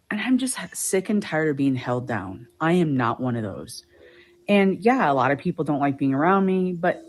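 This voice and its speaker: A woman's voice: deep voice, husky. A woman vlogger ranting casually to the camera, agitated as she retells her arguments.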